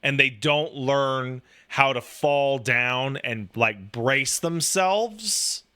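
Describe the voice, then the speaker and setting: A man's voice: medium pitch, drawn-out words, clean tone. A man chatting casually, rambling and swearing, packing his talk with "like" and acting out the voices in his stories. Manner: profane, rambling, animated storytelling with acted-out quotes; filler-heavy, says "like" constantly. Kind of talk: casual chat.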